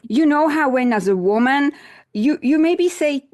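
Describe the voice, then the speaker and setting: A woman talks as a guest on a podcast interview, sharing her thinking as a decluttering coach. Her voice sits fairly high, and she reasons through ideas step by step. She often murmurs agreement while the host speaks. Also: expressive, measured pace, darkish tone. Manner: thoughtful, explains ideas step by step; frequent backchannel murmurs. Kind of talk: casual interview chat.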